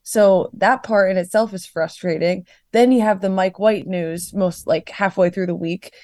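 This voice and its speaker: A woman's voice: medium pitch, fairly even intonation, normal speed, a little mellow, no echo, clean studio sound. A young adult woman giving casual sports analysis, rambling with lots of fillers and a wry, sarcastic edge. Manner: rambling, filler-heavy with frequent "like". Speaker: guest analyst.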